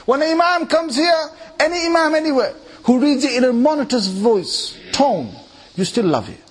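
A man preaching to a large gathering in a lively sermon, quizzing his listeners with rhetorical questions and swinging between loud emphatic bursts and low quiet asides. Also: normal speed. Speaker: Islamic preacher addressing a gathering. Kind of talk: lively sermon with recitation examples.

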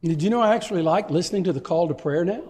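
A man from Texas, a pastor telling an animated, self-deprecating story with stammering restarts. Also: sits high, very fast, long reverb tail. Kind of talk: anecdotal storytelling in an interview.

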